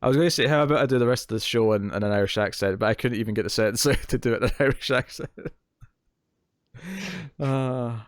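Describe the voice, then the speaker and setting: A man's voice: mid-range voice, very fast, hardly any pauses, dry recording, clean studio sound. Rambling man in his thirties. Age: 30s. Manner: rambling, self-deprecating, joking. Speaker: co-host. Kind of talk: casual film discussion.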